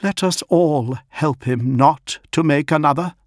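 A man's voice: a little high, unhurried, no echo, studio quality, voice pushed up, natural voice. A man voicing an indignant woman who speaks in a rousing, reproachful way, as an audiobook character voice.

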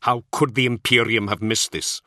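A man voicing a gruff, impatient commanding lord who speaks curtly and demands answers. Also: lowish voice, steady tone, normal speed, sharp tone, dry recording, studio quality. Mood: stern.

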